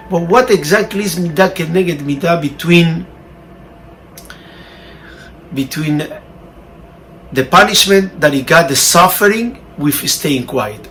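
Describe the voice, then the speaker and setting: A man's voice: on the high side, fairly bright tone, a little hiss or hum, low-quality recording. A man teaching Torah in a sermon, telling a parable in non-native English phrasing and raising his voice when he quotes. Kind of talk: sermon with storytelling.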